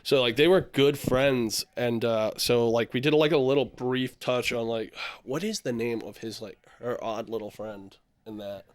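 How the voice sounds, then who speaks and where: A man's voice: medium pitch, steady tone, moderate pace, no echo. Young man rambling with lots of "like". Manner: rambling, heavy use of "like", laughs easily. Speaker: podcast co-host. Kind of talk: casual chat.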